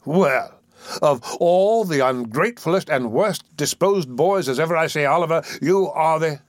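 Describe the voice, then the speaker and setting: A man's voice: fairly high pitch, lively intonation, normal speed, fairly bright tone, no room sound, studio quality. A man voicing a pompous, stern parish beadle who blusters indignantly. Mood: blustering.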